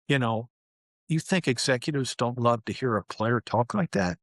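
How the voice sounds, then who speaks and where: A man in his seventies, a former pro basketball player, telling stories as an interview guest in an animated way, often saying "you know" and "man". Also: mid-range voice, moderate pace, creaky, dry recording, studio quality. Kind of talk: interview storytelling.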